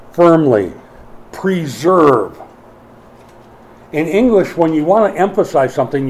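A middle-aged man preaches a sermon in a mellow, warm voice. He swings between quiet, explanatory teaching and emphatic, rising declarations, and drops in folksy asides to his congregation. A faint background ambience sits under his voice. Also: on the high side, slight background noise, poor audio. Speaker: pastor.

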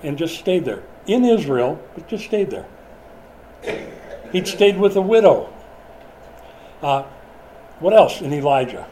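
A man's voice: fairly high pitch, sing-song, unhurried, long pauses, dark tone, slight background noise, poor audio. A middle-aged man preaching a sermon in a conversational way, asking the congregation questions as he goes. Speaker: pastor.

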